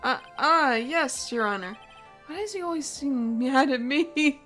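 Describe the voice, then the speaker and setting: A woman's voice: high voice, lively intonation, unhurried, a bit bright, soft background music. A woman reading a flustered young defense lawyer. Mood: earnest. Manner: flustered and earnest.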